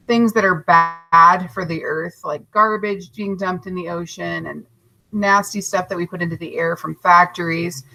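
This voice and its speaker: Bright teacher lady doing a recorded lesson for kids, patient, drags words out slow to break syllables. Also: medium pitch, poor audio. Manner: slow, overarticulated syllables and spelling; encouraging, patient teacher talk. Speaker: third grade teacher.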